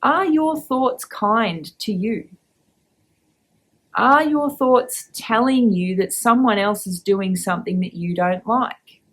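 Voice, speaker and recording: A woman hosting a reflective podcast, gently asking the listener questions and guiding a check-in. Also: fairly high pitch, slow pace, slightly rough. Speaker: podcast host.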